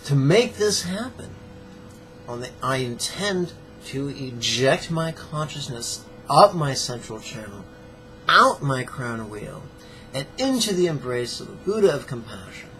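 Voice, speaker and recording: A man's voice: mid-range voice, sing-song, unhurried, a bit bright, faint music behind, rough recording. A man teaching a guided meditation lesson in a playful, joking, plainspoken way.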